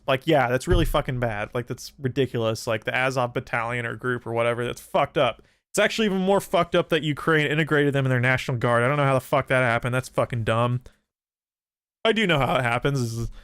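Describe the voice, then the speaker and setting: A young man hosting a livestream, chatting casually and profanely, with many restarts and animated outbursts. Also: medium pitch, normal speed, pauses often, clear, resonant tone, no room sound, studio quality. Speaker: streamer host.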